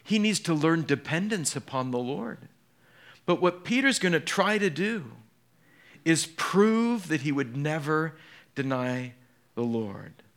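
A male pastor preaching a sermon in an animated way, moving between hushed and emphatic and putting questions straight to his congregation. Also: a little high, slow pace.

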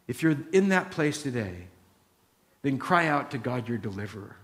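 A man delivers a sermon as a pastor, talking to the congregation like friends and acting out the things people say. His pitch sits in a middle range, and his talk moves from lively stories to quiet, earnest prayer. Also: normal speed. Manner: conversational, acts out quoted voices, drops to soft prayer.

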